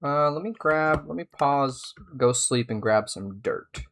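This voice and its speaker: A man's voice: mid-range voice, animated, a little slow, gravelly, a bit bright. A man live-streaming a building game, chatting casually and thinking aloud as he plays.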